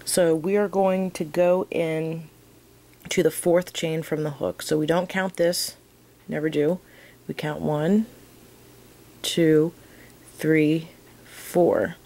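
Slow, gravelly-voiced woman teaching crochet. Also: low voice, steady tone, poor audio. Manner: chatty, counting stitches softly as she works. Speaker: crochet instructor. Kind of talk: casual tutorial.

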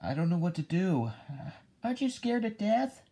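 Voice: mid-range voice, big pitch swings, normal speed, warm tone, pitched above the performer's own voice. A performer voicing a panicky young person terrified of an alligator, shrieking and talking in a frantic rush. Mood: panicked. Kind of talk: hobby fan movie acting.

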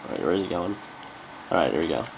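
Low-voiced young man, rambling game commentary. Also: animated, fast talker, creaky, noisy background. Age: young adult. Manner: rambling and offhand, with frequent "uh" fillers. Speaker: gaming commentator. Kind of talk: casual gameplay commentary.

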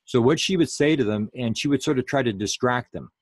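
A man's voice: mid-range voice, brisk, dry recording. A man giving a public lecture in a rambling way, full of fillers and restarts.

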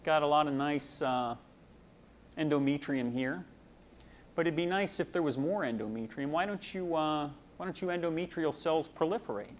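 A man voicing a smooth-talking hormone that chummily persuades the uterus to grow, in a raised voice. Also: fairly high pitch, moderate pace, a little hiss or hum, natural voice. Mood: persuasive.

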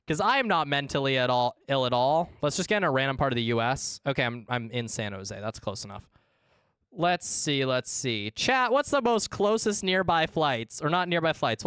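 A young man chatting casually to his viewers while playing a game on a livestream, animated and quick to swear. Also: fairly high pitch, clear, resonant tone, no echo, clean studio sound. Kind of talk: casual gaming stream chat.

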